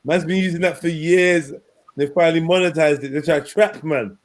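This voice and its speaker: A man's voice: a little high, fairly quick. A man hosting a live online show, teasing and joking with guests in casual banter.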